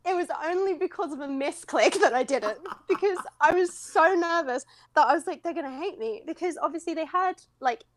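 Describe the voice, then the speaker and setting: A young British voice actress, from the United Kingdom, chats as a guest in a casual interview with a very high voice. She speaks at a moderate pace with hardly any pauses, rambling and self-deprecating and laughing often, with no echo.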